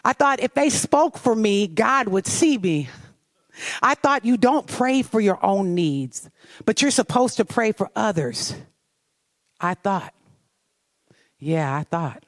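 A woman's voice: mid-range voice, lively intonation, slow pace, pauses often, no echo. A woman sharing a personal testimony as a devotional message, earnest and confessional, often turning to ask the listener questions. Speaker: devotional speaker.

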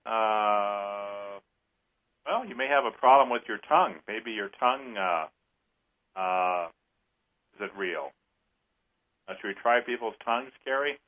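A man co-hosting a talk show, speaking in a rambling, halting way. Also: lowish voice. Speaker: co-host. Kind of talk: casual radio talk. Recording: tinny phone-line sound.

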